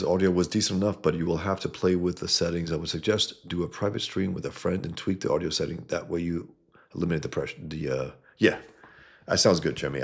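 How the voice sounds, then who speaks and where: A man hosting a casual livestream, reading viewer comments aloud and answering them in a blunt, rambling, sometimes profane way from a home setup. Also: low-pitched. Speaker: livestream host.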